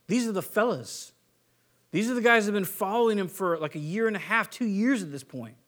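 A man preaching a sermon, animated, acting out quick voices of biblical figures and swinging between soft and emphatic delivery. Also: high-pitched. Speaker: pastor.

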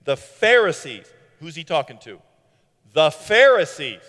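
Male preacher, high voice, animated sermon, loud-to-hushed swings, long church hall reverb. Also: measured pace.

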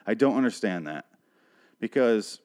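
A man's voice: lowish voice, animated, a little slow, a little mellow. A man from Michigan hosting an unscripted solo podcast, rambling and swearing in an exasperated rant. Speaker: podcast host.

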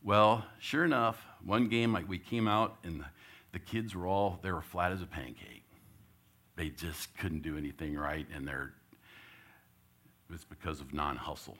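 Storyteller speaker, male, low pitch, bright edge, animated, raises his voice when quoting himself. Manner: animated storyteller, gets loud acting out his own coaching. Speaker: church speaker. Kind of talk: storytelling talk.

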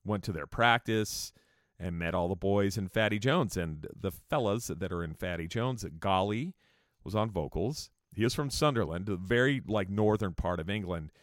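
A man's voice: on the low side, expressive, normal speed, no room sound, clean studio sound. A man telling casual, profane tour stories in a rambling way with joking asides. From California. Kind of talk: casual storytelling monologue.

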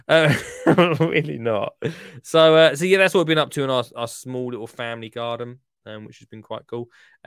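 Chatty man with smooth voice. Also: mid-range voice, moderate pace, fairly bright tone, dry recording, studio quality. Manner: chatty, rambling, jokey. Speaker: podcast host. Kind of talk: casual podcast chat.

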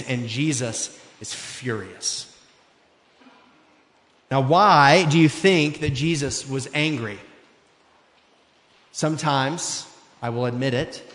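A man in his thirties preaching an earnest, conversational sermon, his voice sitting a bit higher than most men's. He is heard in a church sanctuary with a long, roomy reverb trailing each phrase. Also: a bit bright. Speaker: pastor. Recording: echoey hall.

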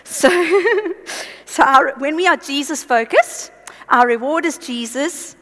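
Woman, high voice, conversational sermon, earnest and exhorting, voice tiring, long hall reverb. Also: expressive, slow pace, fairly bright tone. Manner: earnest, exhorting, chatty asides. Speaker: preacher.

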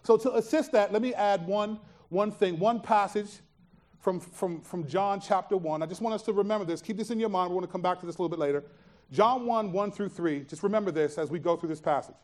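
A man with a high-pitched voice delivers a sermon as pastor. He teaches earnestly and emphatically, posing rhetorical questions to the congregation. At reflective moments he lowers his voice to a near hush. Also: brisk.

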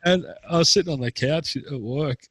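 Bright-voiced man telling rambling stories. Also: on the high side, moderate pace, slightly rough, no room sound, poor audio. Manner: rambling storytelling with frequent laughter and restarts. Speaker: therapist. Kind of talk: casual podcast conversation.

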